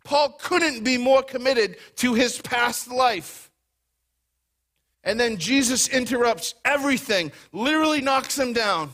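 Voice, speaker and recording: Bright, high-voiced preaching man. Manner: energetic, conversational preaching with quick bursts. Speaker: pastor. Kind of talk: sermon. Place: church hall before a congregation.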